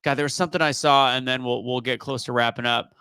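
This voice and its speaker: A man's voice: medium pitch, fairly even intonation, fast talker, pushed and bright, clean tone, no room sound. A man hosting a casual live-stream chat, rambling and teasing his co-host. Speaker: show host.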